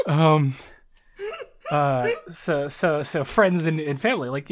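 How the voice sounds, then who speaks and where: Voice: medium pitch, slow, background noise. A speaker with a Southern Ontario Canadian accent, chatting casually as a podcast co-host, rambling, swearing and often breaking into laughter. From Canada, Southern Ontario near Toronto. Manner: rambling, profane, lots of laughter and restarts. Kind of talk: casual chat.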